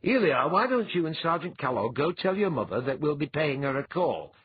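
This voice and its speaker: A man's voice: a little high, very animated, fairly quick, slightly rough, phone-quality sound, voice pushed up, exaggerated voice. A man voicing a genial, courtly clan chief in an audiobook reading. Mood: hearty.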